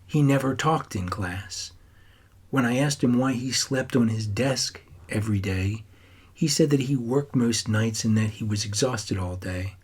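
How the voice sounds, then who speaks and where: A man narrating a work of fiction as an audiobook in a measured, plain storytelling way. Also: medium pitch, slightly rough.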